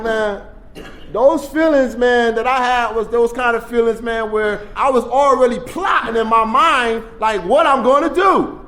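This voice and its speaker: A man telling his recovery story at a workshop, in streetwise storytelling that swings from hushed to loud. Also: very high-pitched. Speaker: recovery meeting speaker. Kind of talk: personal recovery share at a workshop. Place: convention workshop room.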